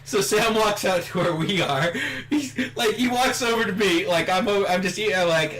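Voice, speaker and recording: A man's voice: high voice, moderate pace, hardly any pauses, fairly bright tone. A young man casually telling a rambling, giggly story while his friends play a video game. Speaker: co-host of a gaming channel. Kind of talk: casual storytelling over gameplay.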